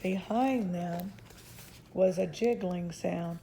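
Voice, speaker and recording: A woman reading a children's chapter book aloud in a calm, measured way. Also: fairly low pitch, vocal fry, slight background noise. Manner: calm, measured, occasional restarts.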